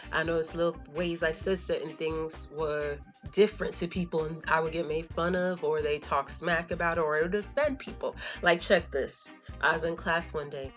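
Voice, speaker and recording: Low-voiced woman chatting in slang. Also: fairly even intonation, normal speed, few pauses, fairly bright tone, faint music behind. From Florida, USA. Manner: conversational and storytelling, drops in slang and fillers. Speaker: vlogger. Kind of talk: casual talk to camera.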